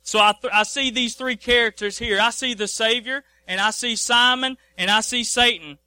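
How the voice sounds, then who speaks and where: A man's voice: very high-pitched, steady tone, normal speed, pushed and bright, clear, resonant tone, no room sound. A man preaching a folksy sermon, repeating his phrases and calling for amens.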